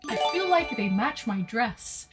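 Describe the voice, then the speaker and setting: A Canadian woman with a Canadian accent, chatting excitably on a live stream as she reads out her chat. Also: on the high side, a little slow, soft background music.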